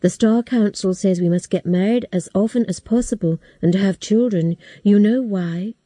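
A woman voicing a sad, gentle father who resignedly tells his daughter she must marry. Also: mid-range voice, moderate pace, no echo, natural voice.

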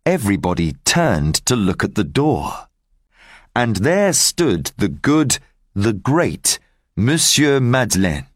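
A man narrating a simplified audiobook, telling the story in slow, clear sentences. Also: lowish voice, very animated, no echo. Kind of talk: graded-reader audiobook narration. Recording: dry close audiobook mic.

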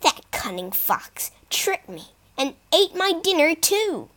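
A vengeful stork from a storybook, sulky and scheming, as a woman puts her on. Her high voice swoops widely, and she takes her time. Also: big pitch swings, slow pace, heavily acted. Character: vengeful, sharp female stork.

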